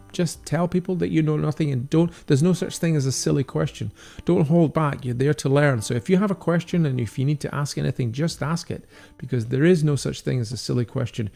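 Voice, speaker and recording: Gravelly Scottish man, chatty livestream host. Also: medium pitch, mellow. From Scotland. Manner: chatty, encouraging, reads viewer comments aloud. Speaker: stained glass artist hosting a livestream. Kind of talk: casual livestream chat.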